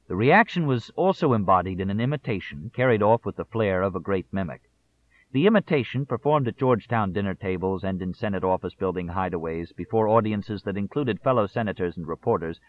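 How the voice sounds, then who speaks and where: Low-voiced man narrating a history book. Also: animated. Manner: measured, deliberate delivery. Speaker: audiobook narrator. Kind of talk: scripted narration. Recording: tinny phone-like audio.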